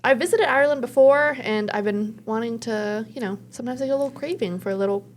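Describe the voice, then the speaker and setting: A woman's voice: a little high, fast talker. A woman co-hosting a casual news chat show, giggling and poking fun at herself. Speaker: co-host.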